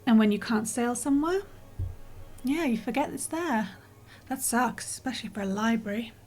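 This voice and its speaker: A woman streamer talks her way through a game in a casual, rambling way, with a slightly higher voice. She sounds a little out of breath and keeps apologising and restarting. Soft game music plays in the background. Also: lively intonation, normal speed. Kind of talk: casual let's-play commentary.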